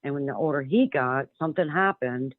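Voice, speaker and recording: Calling in to a radio program by phone, a man speaks fairly quickly in a medium-pitched voice with no room sound. The line is tinny, and his long personal story comes out earnest and rambling, full of restarts.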